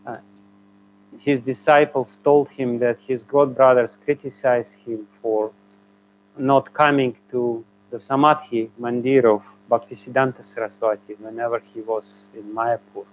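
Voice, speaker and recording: A man's voice: mid-range voice, a little hiss or hum. A man, a spiritual teacher, answering a question with a hesitant, chuckling manner and many fillers.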